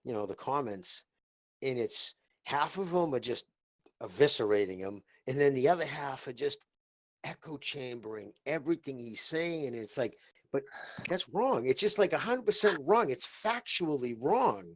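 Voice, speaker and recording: A man's voice: medium pitch, animated, moderate pace, dry recording. Boston man, co-host, rambly and foul-mouthed, dry close sound. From Boston area, USA. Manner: rambling, profane, many restarts. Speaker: podcast co-host. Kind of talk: casual podcast chat.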